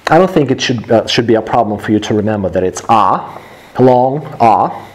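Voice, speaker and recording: A man teaching English pronunciation, repeating phrases slowly for students to copy. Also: medium pitch. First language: Russian. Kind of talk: slow drilling pronunciation lesson.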